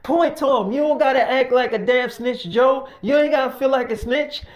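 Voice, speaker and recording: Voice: high voice, moderate pace, pitched above the performer's own voice, close to an everyday voice. A storyteller voicing a cruel, domineering male survivor leader in an improvised tale, profane and threatening. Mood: menacing. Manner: profane, threatening, barking orders.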